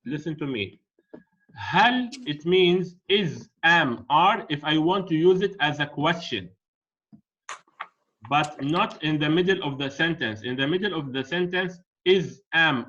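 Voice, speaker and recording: A man teaching a class, patiently explaining in slow, deliberate steps. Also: a little high, fairly bright tone. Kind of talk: classroom language lesson. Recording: dull lo-fi audio.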